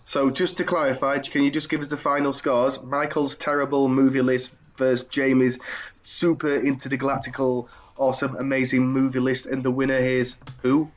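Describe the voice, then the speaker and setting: A man's voice: mid-range voice, monotone, moderate pace. A man in casual podcast chat who talks hesitantly, often repeating himself and trailing off. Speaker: podcast co-host.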